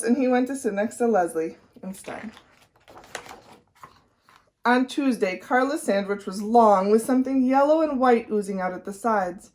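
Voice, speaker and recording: A woman's voice: mid-range voice, moderate pace. Woman reading a story aloud to children. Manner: clear, expressive storytelling. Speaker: reading teacher. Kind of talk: guided read-aloud for children.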